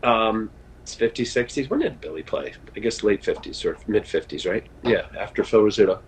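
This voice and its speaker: A man in his fifties, a former pitcher, telling stories in a casual interview over a video call, animated and full of fillers and restarts. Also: brisk, a little hiss or hum, low-quality recording. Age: 50s. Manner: chatty storyteller, animated, frequent fillers and restarts. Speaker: guest, former baseball pitcher.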